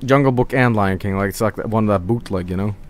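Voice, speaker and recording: A man's voice: on the low side, fast talker. Sleepy young guy rambling while he plays, scratchy allergy throat, a bit of game music behind. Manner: rambling, drowsy, trailing off. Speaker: streamer. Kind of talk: casual gameplay chat.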